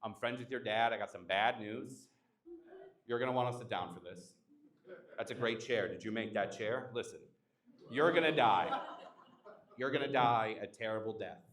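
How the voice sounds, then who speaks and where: Brief: easygoing male angel, low-voiced and chatty, a man voicing him. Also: normal speed, long pauses, fairly bright tone, reverberant, natural voice. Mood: chummy. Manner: laid-back, small-talking. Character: casual chummy male angel bringing news.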